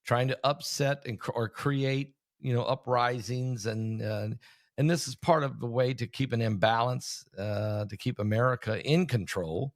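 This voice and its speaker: A man hosting a casual conversation, chatty and curious, pausing often to find his words. His voice sits at an ordinary middle pitch, and the sound is dry and close. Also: no echo. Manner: chatty, questioning, halting with fillers. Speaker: host, preacher.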